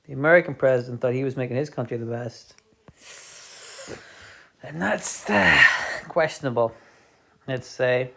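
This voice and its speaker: A man's voice: medium pitch, gravelly. A British man streaming, telling a meandering comedic monologue with chatty, offhand asides.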